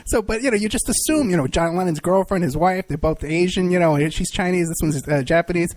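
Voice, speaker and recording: A man's voice: high-pitched, fairly quick, a little mellow, no room sound. A man hosting an interview, eager and full of compliments, often restarting and laughing. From United States. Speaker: host. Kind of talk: casual interview.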